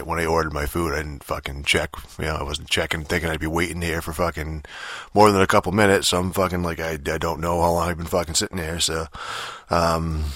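Young guy, low forceful voice, dry close sound; profane, filler-heavy, exasperated storyteller. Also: dry recording. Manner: rambling and profane, full of fillers; exasperated and annoyed. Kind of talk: casual rant telling a story.

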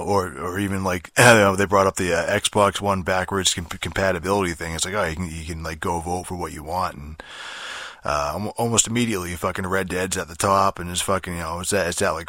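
A young man with a low, forceful voice rants about video games, swearing at every turn and rambling through fillers and false starts. The sound is dry and close, with no room around it. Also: dry recording. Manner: profane, rambling, with many fillers and restarts. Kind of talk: casual rant monologue.

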